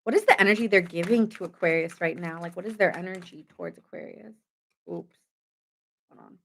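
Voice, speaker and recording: A woman's voice: on the low side, fairly quick. A woman giving a casual late-night tarot reading, chatty and goofy, joking often. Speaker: tarot reader.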